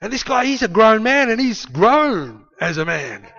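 A preacher doing a doubting king, high and incredulous. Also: sing-song, unhurried, bright, forceful tone, heavily acted. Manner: incredulous, questioning. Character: doubtful older king Saul. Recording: dull lo-fi sound.

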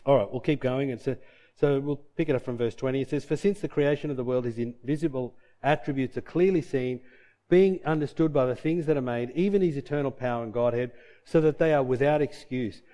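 A man's voice: mid-range voice, fairly quick, dark tone. A man preaching a sermon, reading scripture and telling a personal story in an earnest, conversational way. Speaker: pastor.

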